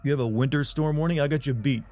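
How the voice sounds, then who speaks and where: A man's voice: medium pitch, fast talker, darkish tone. A man on a live game stream chatting casually with viewers, rambling and offhand, with frequent swearing and restarts.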